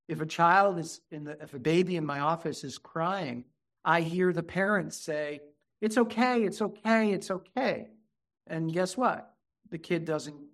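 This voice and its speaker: A man, a therapist speaking as a guest, explaining earnestly and acting out soft, soothing words to a child. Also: fairly high pitch. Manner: earnest, acts out soothing dialogue softly. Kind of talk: conversational interview.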